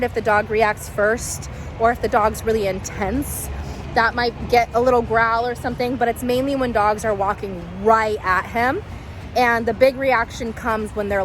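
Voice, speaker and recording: A woman's voice: fairly high pitch, noisy background. A woman dog trainer in a casual vlog, chatting and retelling stories with lots of ums.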